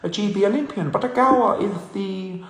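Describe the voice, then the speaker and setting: A man doing a high, stately impression of a pompous, grandly formal middle-aged male boxing champion, in a roomy, echoing space. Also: normal speed, a bit bright. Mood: grandiose. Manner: stately, theatrical, high put-on voice. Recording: roomy with long reverb.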